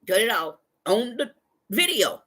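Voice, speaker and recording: A woman's voice: on the high side, unhurried. A woman hosting a casual live stream who tells stories with lots of laughter and talks back to her chat. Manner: animated storytelling, laughs often.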